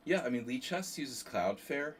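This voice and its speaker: A man's voice: medium pitch, lively intonation, moderate pace, distant mic, a little hiss or hum. A man with a nasal voice hosting a casual chess livestream, rambling and joking with his chat between moves. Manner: rambling, self-deprecating asides to chat. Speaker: chess streamer hosting a tournament. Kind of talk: casual livestream commentary while playing.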